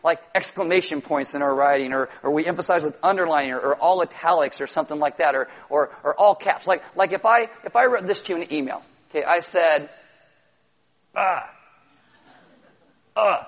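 A man preaching a sermon, animated, acting out quotes and at times shouting for emphasis. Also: on the high side, fairly quick. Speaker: pastor.

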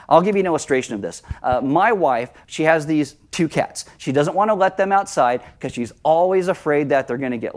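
A middle-aged man preaching a sermon as pastor, conversational, with lively asides. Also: fairly high pitch.

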